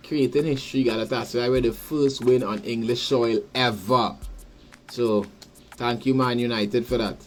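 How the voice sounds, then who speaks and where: A man with a Trinidadian accent hosting a live sports podcast, rambling casually, repeating words and giving shout-outs to listeners. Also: mid-range voice. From Trinidad and Tobago. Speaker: podcast host.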